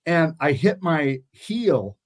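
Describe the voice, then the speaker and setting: A man's voice: a little high, very animated, takes it slowly. A man in his sixties, a guest in an interview, telling stories in a rambling way and often restarting his sentences. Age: 60s. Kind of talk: casual interview storytelling.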